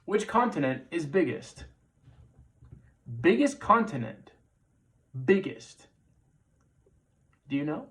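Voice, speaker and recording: A man's voice: on the high side, big pitch swings, takes it slowly, pauses often, fairly bright tone. A man in his thirties hosting a trivia quiz, repeating questions with playful jokey asides. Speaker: trivia show host.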